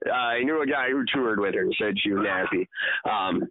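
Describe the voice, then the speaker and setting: A man's voice: fairly quick, no echo. A Canadian man co-hosting a podcast in casual chat, mocking and swearing, often putting on silly voices. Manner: mocking, puts on silly high voices for impressions. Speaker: podcast co-host. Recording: tinny phone-like sound.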